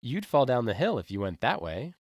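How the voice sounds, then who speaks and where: A man reading the text of an adventure game aloud to his friends, with an expressive delivery. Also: mid-range voice, dry recording, clean studio sound. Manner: expressive reading, quick to laugh.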